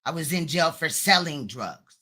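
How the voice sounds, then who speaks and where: A woman's voice: deep voice, expressive, normal speed, sharp tone, husky. A woman hosting a livestream, ranting with profane, insulting retorts. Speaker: live stream host. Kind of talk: heated reaction livestream.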